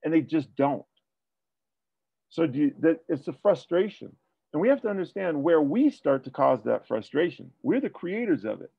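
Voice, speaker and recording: A man's voice: a little high, big pitch swings, moderate pace, gravelly, slightly rough, no echo, muffled recording. A man working as a police tactics trainer, talking through a debrief and asking rhetorical questions. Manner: explanatory, asks rhetorical questions.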